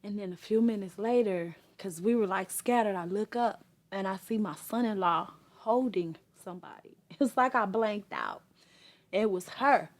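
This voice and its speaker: A woman in her forties telling her personal testimony in an earnest, halting way. She pauses often with fillers and raises her voice as she acts out remembered conversations. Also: mid-range voice. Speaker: guest sharing her testimony.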